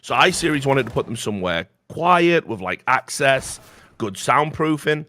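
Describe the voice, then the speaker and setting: A man's voice: mid-range voice, big pitch swings, pushed and bright. Blunt, profane man telling stories. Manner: profane, blunt, fast-flowing anecdote with lots of swearing. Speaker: podcast host. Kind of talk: casual storytelling on a talk show.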